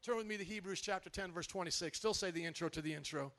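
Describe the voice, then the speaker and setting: A man preaching a sermon as pastor, emphatic and at times shouting. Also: high voice, quick pace.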